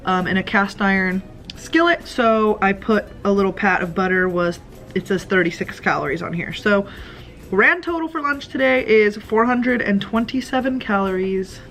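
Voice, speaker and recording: A woman's voice: mid-range voice, moderate pace, a bit bright, faint music behind. A woman vlogging casually about her meals, chatty and rambling with lots of filler words. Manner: chatty, rambling with many ums. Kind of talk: casual food diary vlog. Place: home.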